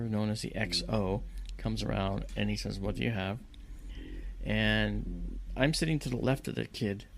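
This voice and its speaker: A man recounting a dramatic personal experience, telling it in an animated way and acting out the voices of the people in it. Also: lowish voice, gravelly, slight background noise. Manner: animated storyteller who acts out quoted voices. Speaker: guest recounting a personal story. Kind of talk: storytelling in conversation.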